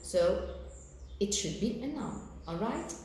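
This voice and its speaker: A woman's voice: mid-range voice, animated, warm tone. Echoey Algerian-accented woman teaching English. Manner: slow, careful explanations with fillers and check-in "okay?". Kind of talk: recorded televised lesson. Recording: very echoey room with faint background noise.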